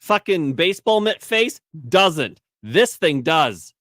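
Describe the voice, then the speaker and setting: A man co-hosting a casual news podcast, telling animated stories and swearing freely. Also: fairly high pitch, slow pace, no room sound. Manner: animated storyteller, acts out voices, swears. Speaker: podcast co-host. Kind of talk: casual banter about news.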